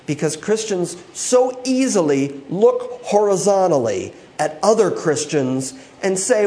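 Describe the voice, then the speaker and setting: A man's voice: high-pitched, very animated, a little slow, hardly any pauses, mellow. A male pastor preaching an expository sermon, acting out quoted voices and laughing often.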